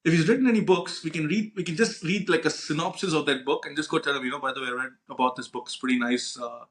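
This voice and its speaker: A man co-hosting a podcast, talking in a slightly higher register. He tells stories with lively energy and swears freely as he chats with his co-host. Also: fast talker. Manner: animated storyteller, swears freely. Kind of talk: casual podcast chat.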